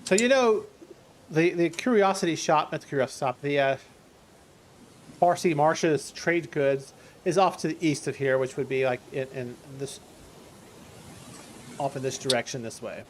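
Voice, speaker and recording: A man's voice: fairly high pitch, normal speed, pauses often, slight background noise. A man narrating a tabletop game as game master, rambling through restarts and fillers.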